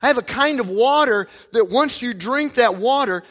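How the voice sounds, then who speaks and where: A man voicing Jesus as a calm, patient teacher speaking earnestly to a woman in a retold story. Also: very high voice, moderate pace, voice pushed up, full character voice.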